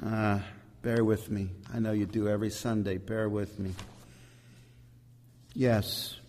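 A man preaching a sermon, animated and emphatic, with asides to the congregation. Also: lowish voice, takes it slowly, in a large hall, slight background noise. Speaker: pastor.

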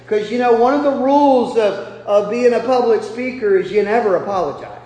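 A pastor from Nebraska preaching a sermon, telling self-deprecating stories and breaking into loud bursts. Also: male voice, very high voice, brisk. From Nebraska, USA. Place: large church hall. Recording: echoey hall with long reverb.

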